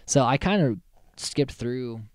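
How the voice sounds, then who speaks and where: A man's voice: medium pitch, lively intonation, slow, no echo, clean studio sound. A man hosting a podcast, recapping a reality show in a loose, rambling way with plenty of swearing. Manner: rambling, profane, loose storytelling. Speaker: podcast host.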